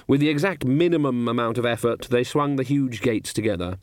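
A man narrating an audiobook in a measured, even reading with dry humour. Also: mid-range voice, dry recording.

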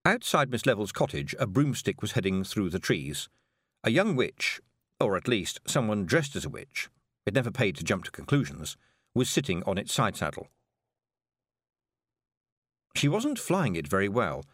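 A man reading a storybook aloud, expressive and lively. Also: fairly low pitch, moderate pace, pauses often, breathy edge, dry recording, clean studio sound. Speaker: audiobook narrator. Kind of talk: scripted storybook narration.

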